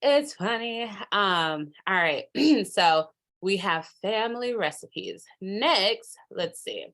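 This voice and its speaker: A woman from Minnesota presents a workshop over a video call in a casual, chatty, enthusiastic way, full of fillers and asides. Her medium-pitched voice is animated, slow, and fairly bright.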